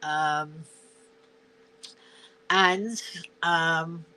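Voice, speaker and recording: A woman's voice: low voice, steady tone, extremely slow, pushed and bright, clear, resonant tone. An older woman from England chatting casually on a live stream from her phone, rambling and giggly, reading out viewer comments. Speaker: livestream host. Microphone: phone camera.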